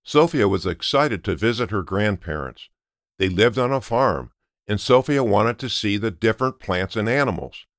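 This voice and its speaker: A man narrating a children's story aloud in an expressive storytelling manner. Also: lowish voice, normal speed, no room sound, clean studio sound. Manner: expressive, sing-song storytelling.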